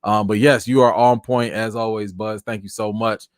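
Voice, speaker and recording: A man hosting a casual live chat, answering viewer comments in an animated, talkative way, and by now tired, with his voice wearing out. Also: lowish voice, normal speed, no echo, clean studio sound. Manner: animated, chatty, thanks viewers by name. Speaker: live-stream host.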